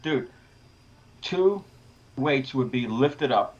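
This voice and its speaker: A man's voice: mid-range voice, lively intonation, extremely slow, dull audio. A middle-aged man, a window cleaner and podcast guest, telling work stories in a laid-back casual chat. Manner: laid-back, conversational storytelling.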